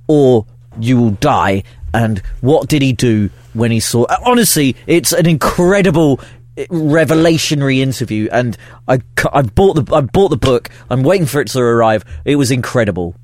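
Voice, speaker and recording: Dry-humoured podcast co-host. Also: male voice, mid-range voice, lively intonation, normal speed, dry recording. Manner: dry, teasing banter. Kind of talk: casual chat.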